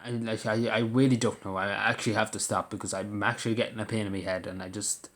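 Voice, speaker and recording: A man's voice: on the low side, level tone, quick pace, fairly bright tone. A man, ranting angrily in a monologue, swearing often and stumbling over restarts. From Ireland. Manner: angry, swearing, stammering restarts. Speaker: commentator.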